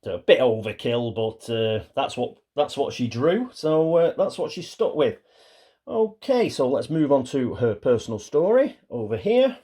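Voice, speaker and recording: A man hosts a relaxed solo playthrough of a board game, chatting his way through each card. He reads the rules and story text aloud and now and then trips over a word before carrying on. His voice sits at an ordinary middle pitch. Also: moderate pace, husky. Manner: chatty, stumbles and restarts while reading small card text. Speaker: board game player and channel host. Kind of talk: casual solo playthrough commentary, reading cards aloud.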